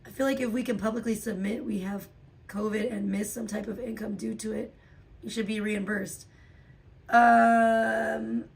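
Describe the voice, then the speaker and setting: A woman hosting a casual livestream, recovering from a sore throat and ranting with heavy profanity, jumping from low, tired talk to loud outbursts. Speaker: livestream host. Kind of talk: casual livestream chat reading donations.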